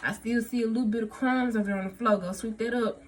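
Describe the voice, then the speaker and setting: A woman's voice: a little high, steady tone, quick pace, lightly acted, poor audio. A woman voicing the planet Saturn as a strict, picky man who scolds about crumbs and dust. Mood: nitpicking.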